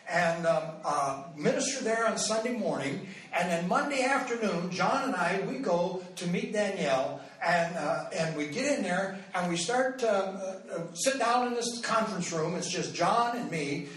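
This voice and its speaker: A man preaching, telling a story to his congregation in an animated, rambling way with many restarts and fillers. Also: high-pitched. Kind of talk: storytelling sermon. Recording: echoey hall, mic far off.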